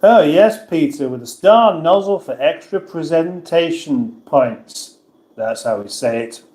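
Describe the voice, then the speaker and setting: A man's voice: fairly high pitch, expressive, normal speed, darkish tone, echoey room. A man hosting a casual livestream, reading viewers' comments aloud and answering them in a chatty, self-mocking way. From England. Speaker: livestream host reading chat.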